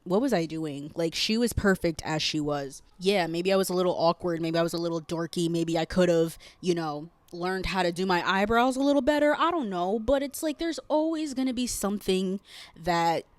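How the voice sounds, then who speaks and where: A woman's voice: on the low side, normal speed, no room sound. Earnest young woman ranting, choked up. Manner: rambling, earnest and impassioned, swears casually. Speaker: podcast host. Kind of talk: solo podcast monologue.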